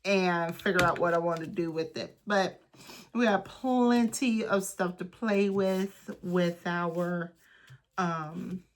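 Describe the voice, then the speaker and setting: A woman's voice: lowish voice, steady tone. A woman chatting casually through a craft project, thinking aloud and talking to herself as she works. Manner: slow, unhurried delivery with frequent pauses. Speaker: craft and journaling creator. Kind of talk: casual craft tutorial chat.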